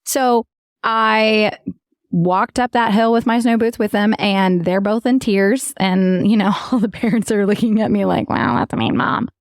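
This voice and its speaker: A woman's voice: mid-range voice, a little slow, no echo, clean studio sound. A woman co-hosting a podcast, chatting casually and telling stories with acted-out quotes and frequent laughs. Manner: animated storyteller who acts out quotes and laughs often. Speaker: podcast co-host. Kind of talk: casual chat.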